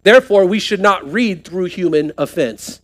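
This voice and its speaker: A man's voice: high voice, moderate pace, a bit bright. A man preaching a sermon as pastor to a live congregation, putting questions to the room and pressing points with rising emphasis. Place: church sanctuary, live service.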